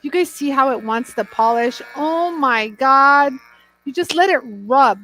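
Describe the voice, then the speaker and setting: A woman's voice: high-pitched, animated, measured pace, bright, forceful tone, slight background noise, poor audio. A woman hosting a chatty live demonstration, bubbly and laughing often, greeting viewers by name. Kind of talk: chatty live product demo.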